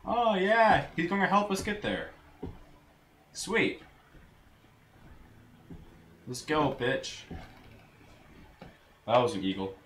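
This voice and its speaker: A man giving casual gameplay commentary, crude and full of swearing, with sudden loud outbursts. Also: a little high, big pitch swings, slow, pauses often. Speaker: let's play gamer. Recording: roomy echo, faint noise.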